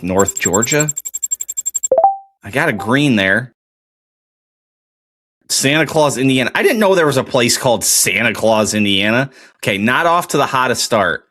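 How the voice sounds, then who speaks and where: A man's voice: mid-range voice, no echo. Chatty man thinking aloud on a podcast. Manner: thinks aloud while playing a geography quiz, muttering guesses; excited, rambling TV recap with many fillers. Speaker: podcast host. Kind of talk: casual solo podcast talk.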